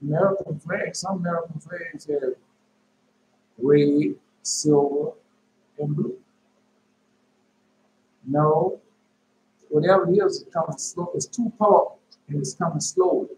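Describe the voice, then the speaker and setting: A man preaching informally and telling a dream, emphatic, repeating his phrases and jumping into sudden high shouts. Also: takes it slowly, long pauses. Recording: echoey room with faint noise.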